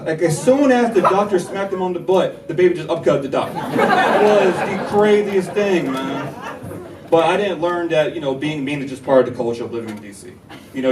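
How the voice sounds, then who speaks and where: A young man from North Carolina, performing a stand-up comedy set with animated storytelling and banter with the audience. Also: a little high, background noise. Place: comedy club stage. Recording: echoey club taped from far. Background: laughing live audience.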